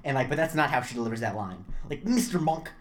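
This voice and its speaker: A young man co-hosting a podcast in casual chat. He rambles, restarts his sentences and gets animated when a story takes off. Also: mid-range voice, rapid-fire, slight background noise. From Florida. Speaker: podcast co-host.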